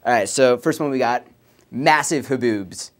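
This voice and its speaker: A young man hosting a college comedy show, delivering jokes in a deadpan way with small laughs between them. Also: mid-range voice, normal speed. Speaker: host. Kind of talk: joking late-night host monologue.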